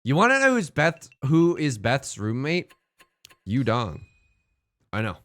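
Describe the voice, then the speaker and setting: Lively, bright-voiced young man streaming. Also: mid-range voice, unhurried. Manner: joking, rambling, playful. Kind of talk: casual live-stream game commentary.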